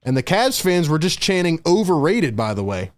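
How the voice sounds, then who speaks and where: A young man doing excited live play-by-play commentary as a stream host, breathless and excitable, talking straight to his chat. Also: on the high side, brisk.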